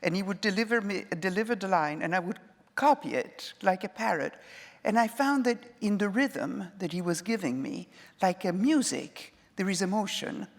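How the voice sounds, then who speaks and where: A woman, an actress, speaking onstage in a thoughtful, measured way. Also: mid-range voice, animated. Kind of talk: onstage conversation. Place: auditorium stage. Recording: long hall reverb.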